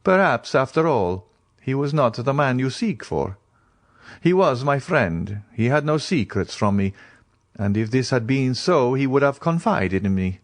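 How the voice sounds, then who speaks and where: Audiobook: solemn mysterious count, voiced by the male reader, measured and lively in pitch. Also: no echo. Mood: grave. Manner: grave, measured. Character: grave, mysterious nobleman, restrained.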